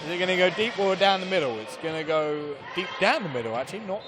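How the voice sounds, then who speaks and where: A man calling live volleyball play-by-play in brisk calls with wry asides. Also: high voice, animated, background noise. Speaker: play-by-play commentator. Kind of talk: live sports commentary.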